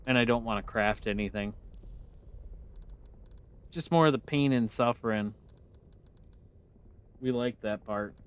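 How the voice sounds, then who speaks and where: While playing on his live stream, an American game streamer with a northern US accent answers viewers' questions in a relaxed chat, laughing easily. He speaks at medium pitch, a little slowly and with frequent pauses, in a clean tone.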